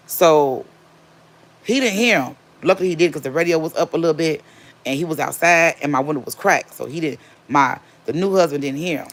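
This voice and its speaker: A woman casually telling a personal story, animated and repeating herself for emphasis. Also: low voice, brisk. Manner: acts out quotes of others.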